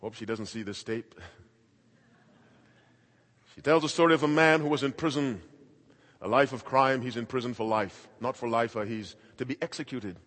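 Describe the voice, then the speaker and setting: A man's voice: mid-range voice, normal speed, pauses often, a bit bright, long reverb tail. A man preaching a sermon in an emphatic, dramatic way, acting out quoted voices.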